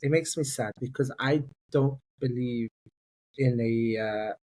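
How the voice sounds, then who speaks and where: A man from London, an army reservist guest, telling personal stories in a fast, halting way, repeating words and rising sharply when emphatic. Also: medium pitch, mellow. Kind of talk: emotional personal storytelling.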